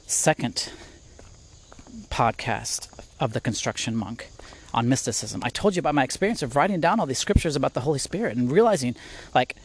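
A middle-aged man hosting a podcast, giving a casual devotional talk while walking outdoors, thinking aloud with restarts. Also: medium pitch. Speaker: podcast host.

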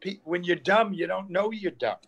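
An older man from New York chats as a guest, his voice bright and lifted a little above the usual male range. He slips in and out of quoted voices as he spins his tales. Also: sits high, normal speed, creaky, highs cut off. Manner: animated storyteller acting out quoted exchanges. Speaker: comedian guest. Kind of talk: casual storytelling chat.

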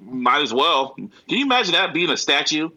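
Male co-host, animated pitch, bright voice, slangy jokey banter. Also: normal speed, poor audio. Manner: animated, joking, slangy, laughs often. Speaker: podcast co-host. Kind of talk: casual comedic podcast chat.

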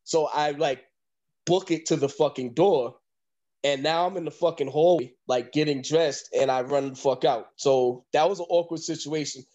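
A man casually telling a story in profane, animated slang, often breaking into laughter. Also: fairly high pitch, normal speed. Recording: dull lo-fi recording.

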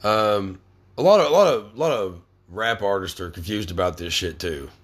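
A man's voice: lowish voice, expressive, normal speed. A young man hosting a podcast, ranting angrily with constant swearing and stammered restarts. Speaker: podcast host. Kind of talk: profane ranting monologue.

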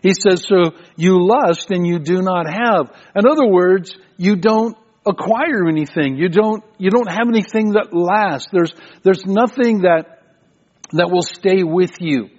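A man's voice: high-pitched, a little slow. An older man preaching a sermon as pastor, telling stories in a conversational way and often repeating words as he goes. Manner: conversational storytelling preacher with frequent repetitions. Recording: muffled, lo-fi sermon recording.

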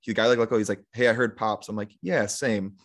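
A young man with a fairly low voice, chatting as a guest on a podcast. He tells his story loosely, with plenty of likes and ums, and acts out what people said to him. His tone stays easygoing and conversational. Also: fairly quick. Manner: relaxed, rambling, many fillers and retold quotes. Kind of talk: casual storytelling in an interview.

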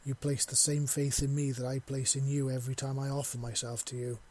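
A man voicing a devoted, affectionate young human man, talking softly in a husky voice. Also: medium pitch, level tone, a little fast, close to an everyday voice. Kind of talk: audio story reading.

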